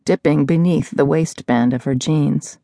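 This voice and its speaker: A woman with a low, mellow voice reads a romance novel aloud in a measured, intimate way. The sound is dry and close, straight from a studio mic. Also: gravelly, no room sound. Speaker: audiobook narrator. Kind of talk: scripted narration. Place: recording studio.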